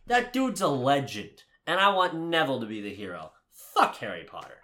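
A man co-hosting a casual movie review podcast, ranting with lots of swearing, swinging from heated shouting to low muttering. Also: very animated, normal speed, hardly any pauses. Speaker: podcast co-host.

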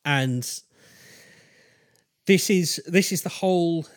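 A man, hosting a casual podcast chat and telling a strange story in a halting way, full of fillers and restarts. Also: fairly high pitch. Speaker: podcast host.

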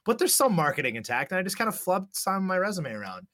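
A man's voice: high-pitched, quick pace, no room sound, clean studio sound. A young man casually telling a story, swearing often and acting out both sides of a conversation. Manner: profane, animated storyteller, acts out dialogue.

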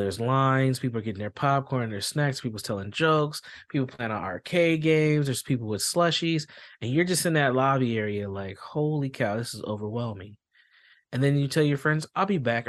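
A man's voice: mid-range voice, no room sound, clean studio sound. Man talking through a mental health podcast. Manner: storytelling with acted-out quotes, frequent fillers. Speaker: podcast host and school therapist. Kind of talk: casual explanatory podcast talk.

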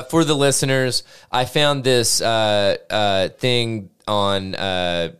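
Slow-talking laughing podcast co-host man. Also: lowish voice, fairly bright tone, clean tone. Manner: laughs often, loose and profane, trails off mid-sentence. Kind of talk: casual podcast banter.

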